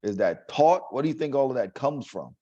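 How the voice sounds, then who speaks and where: Talk show host guy, mid-pitch, calm reflective questions, kinda muffled sound. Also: brisk.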